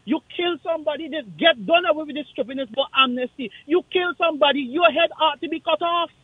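A man with a Kittitian accent calling in to a radio talk show, speaking in an impassioned, forceful, repetitive way. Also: extremely high pitch, fast talker, dry recording. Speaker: caller. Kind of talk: call-in radio rant. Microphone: phone line. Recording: tinny dry phone line.

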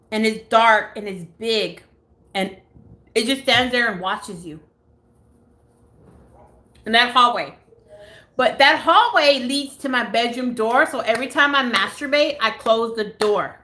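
An American woman vlogging live from her home on a phone camera, telling a story in a casual, animated way, swearing freely and acting out what others said. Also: fairly high pitch, unhurried, long pauses. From United States. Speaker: beauty vlogger.

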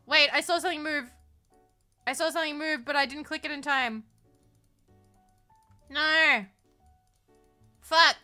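While streaming a game, a woman talks casually in a high-pitched, sharp voice, a little slowly and with frequent pauses, as faint music plays behind her. She's giggly, swears plenty and erupts in shrieking laughter.

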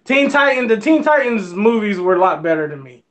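A man co-hosting a casual film review chat, excitable and stumbling over repeated words. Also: high-pitched, a little fast.

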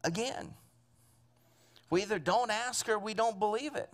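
High, bright-voiced preaching man. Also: measured pace. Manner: earnest preaching that builds to emphatic fervor. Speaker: pastor. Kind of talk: sermon. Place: church sanctuary.

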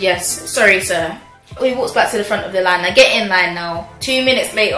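A young woman telling a storytime on her vlog, animated and chatty, laughing often as she talks. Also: mid-range voice. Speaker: vlogger. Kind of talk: casual storytime chat. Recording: roomy echo with faint music.

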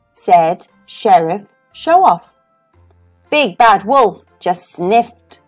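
A woman's voice: a little high, big pitch swings, slow pace, dry recording, soft background music. A woman reading a children's phonics storybook aloud in a sing-song storytelling way. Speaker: storybook reader.

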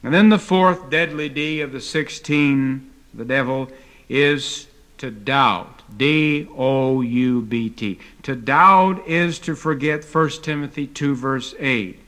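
Older guy teaching bible on tape, folksy stories, lots of uhs, takes it slow. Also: mid-range voice, fairly bright tone. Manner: folksy storytelling with hesitant fillers. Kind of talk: taped Bible lecture.

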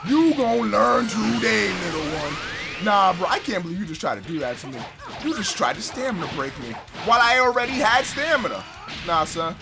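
A young man giving loud, trash-talking commentary over his own online matches, shouting at opponents and explaining his character build. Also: high voice, creaky. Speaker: gaming YouTuber. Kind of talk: hyped gameplay commentary.

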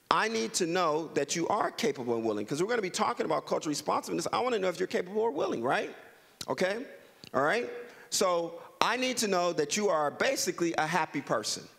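A man's voice: a little high, creaky. A middle-aged man from Los Angeles, a guest speaker giving an interactive talk to a community audience, leading them in call-and-response and repeating his prompts.

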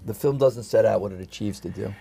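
A man hosting a panel of film critics, passing the turn to each critic in a relaxed studio chat. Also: on the low side, fast talker, vocal fry, a crowd in the background. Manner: leads the panel, hands turns to critics.

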